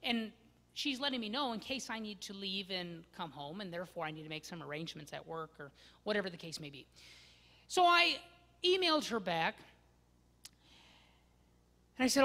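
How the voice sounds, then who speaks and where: A man preaches a sermon in a fairly high voice. He is expressive, pressing hard on some words and dropping to hushed asides on others. The sound carries a long reverb from the church sanctuary. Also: moderate pace, pauses often. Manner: expressive, swinging from loud emphasis to hushed asides. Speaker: pastor.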